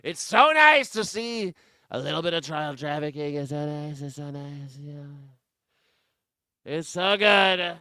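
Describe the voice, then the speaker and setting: A man's voice: on the high side, lively intonation, measured pace, bright, forceful tone, clear, resonant tone, no room sound, clean studio sound, full character voice. A man putting on a mocking impression of a boastful, shameless older male politician. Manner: mocking, bragging caricature.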